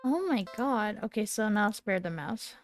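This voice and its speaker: A woman in her twenties reads a horror game's text aloud at a very unhurried pace. Her delivery is dramatic, her pitch sits in a middle register, and soft music plays faintly behind her voice. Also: expressive. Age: 20s. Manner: slow, dramatic reading with sudden startled outbursts. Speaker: gamer.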